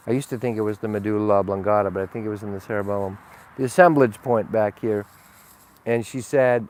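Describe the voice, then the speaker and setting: A man's voice: mid-range voice, smooth, no room sound. Blunt, rambling man. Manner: rambling, blunt, profane, shifting loud and soft. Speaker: spiritual teacher. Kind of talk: unscripted spiritual monologue.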